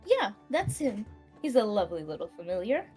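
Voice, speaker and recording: A woman playing a tabletop game, narrating her character and speaking politely in a soft, halting way. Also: mid-range voice, very animated, soft background music.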